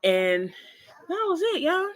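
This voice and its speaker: A woman guest in an interview, telling a personal story in an animated, emphatic way and speaking straight to her listeners. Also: very high-pitched, slow pace.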